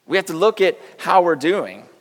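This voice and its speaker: A middle-aged pastor with a high-sitting, sing-song voice preaches at a moderate pace. His conversational sermon features stories at his own expense and direct questions to the congregation. The church sanctuary adds a long, echoing hall reverb.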